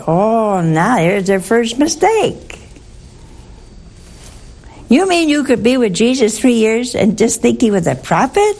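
A woman's voice: on the high side, sing-song, slow pace, long pauses, darkish tone. A woman giving an informal Bible teaching to a group, talking conversationally and often putting questions to her listeners.

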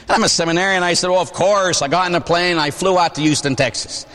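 A man in his forties, a priest from Pittsburgh, preaches in a slightly raised voice. He tells stories in an easy, chatty way and checks in with the pews with a quick "huh?". A long reverb trails his words through the church. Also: on the high side, fairly bright tone. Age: 40s. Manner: conversational storytelling, frequent "huh?" asides. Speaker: Catholic priest. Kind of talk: sermon.

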